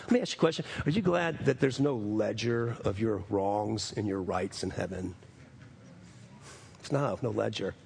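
A middle-aged man preaching a sermon as pastor, swinging between raised, emphatic lines and low, drawn-out phrases. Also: creaky, darkish tone, slight background noise.

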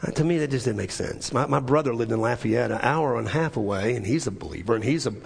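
A man preaching a sermon, telling a personal story in an earnest, halting way with many restarts. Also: medium pitch, vocal fry, breathy edge. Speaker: pastor. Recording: echoey hall with long reverb.

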